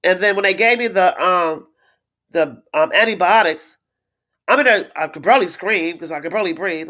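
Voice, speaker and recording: A woman's voice: medium pitch, animated, fairly quick, fairly bright tone. Middle-aged woman on a livestream, blunt and fired up, cussing and repeating herself, reads out viewer comments. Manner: blunt, indignant, swears freely. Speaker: livestream host. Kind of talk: casual live-stream chat.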